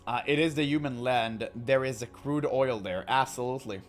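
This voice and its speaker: A man's voice: medium pitch, normal speed. A man casually reading in-game books aloud and joking between passages, with faint music behind him. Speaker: gaming commentator.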